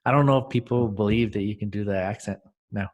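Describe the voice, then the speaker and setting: A man's voice: fairly low pitch, fast, lo-fi sound. A man co-hosting a casual podcast, asking questions and teasing his friend playfully. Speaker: podcast co-host. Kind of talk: casual chat.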